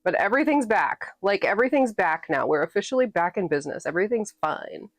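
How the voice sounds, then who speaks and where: A woman's voice: medium pitch, animated, quick pace, dry recording. A woman from New England chatting casually with her live-stream viewers, playful and sassy and laughing often. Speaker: livestreamer and author reading her novel.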